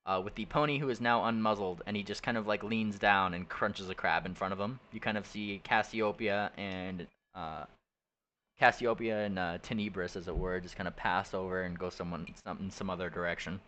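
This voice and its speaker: A young man narrating as game master, rambling with many halting fillers. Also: lowish voice, steady tone, fairly bright tone, muffled recording, slight background noise. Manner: rambling, halting, laughs often.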